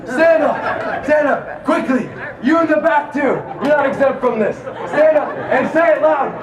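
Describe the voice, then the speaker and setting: A man giving an inspirational speech to a live audience in a student lounge, rousing the crowd into call-and-response chants and swinging between loud and hushed delivery. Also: very high-pitched, animated, a little slow. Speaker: motivational speaker. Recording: roomy, distant mic, audience and room noise.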